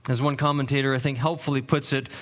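A man's voice: medium pitch, level tone, quick pace. A pastor preaching an expository sermon, earnest and thinking aloud, often repeating words and lifting his voice to stress key phrases.

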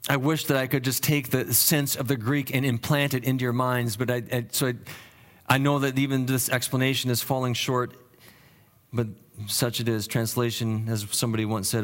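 A man's voice: medium pitch, flat delivery, a little fast. A male pastor preaching an expository sermon, earnest and explanatory, often restarting his sentences as he works through word meanings.

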